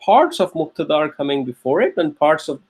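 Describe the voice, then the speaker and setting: Male teacher, somewhat high voice, patient, repeats points, keeps asking "okay?". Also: lively intonation, a little fast, darkish tone, breathy edge. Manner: repeats key phrases, checks in with "okay?" and "right?". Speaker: Arabic grammar teacher. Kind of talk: classroom lecture.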